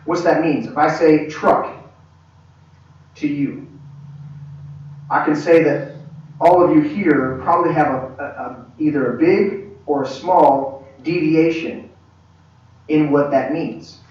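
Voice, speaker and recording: A man teaching a church leadership class in a conversational, halting way, with many restarts. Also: a little high, steady tone, darkish tone. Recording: echoey room, far from mic, dull.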